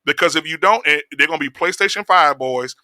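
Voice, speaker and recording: Loud profane man ranting, bright and dry. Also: a little high, fairly quick, dry recording. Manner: profane, preachy, mimics voices mid-rant. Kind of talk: heated podcast rant.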